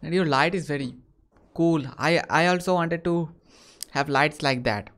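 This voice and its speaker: A man's voice: fairly high pitch, a little slow, a bit bright. Teasing Indian man on a video chat. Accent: Indian English. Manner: teasing, blunt questions. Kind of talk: casual chat with strangers. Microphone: video call.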